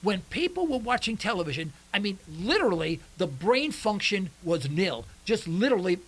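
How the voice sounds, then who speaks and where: A man's voice: sits high, normal speed, poor audio. A man hosting a radio talk show, rambling and opinionated with lots of restarts. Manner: rambling, animated, with many restarts.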